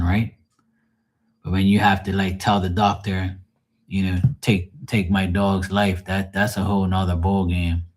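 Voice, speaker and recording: Deep-voiced grieving man chatting live. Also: darkish tone. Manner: rambling, frank, swears freely. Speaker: livestream host. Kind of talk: casual chat with live viewers.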